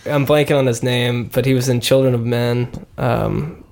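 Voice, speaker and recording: A man co-hosting a casual podcast chat, rambling with frequent laughs and sudden upward jumps in pitch. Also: fairly even intonation, moderate pace, vocal fry, a little mellow. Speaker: podcast co-host.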